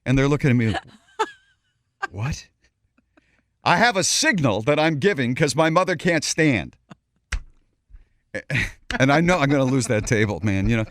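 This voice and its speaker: A middle-aged man hosting a radio talk show, telling a story in an animated way and acting out the voices of the people in it. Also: medium pitch, fairly quick, no echo. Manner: animated, acts out voices in anecdotes.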